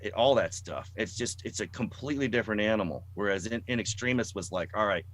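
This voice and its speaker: A man, a record producer, talking casually in an interview, relaxed and laid-back with offhand swearing. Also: lowish voice, fast, a little hiss or hum.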